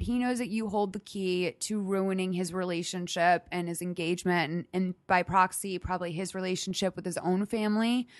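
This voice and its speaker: A woman's voice: mid-range voice, dry recording. A woman hosting a podcast, giving blunt, profane advice in casual chat. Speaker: podcast host.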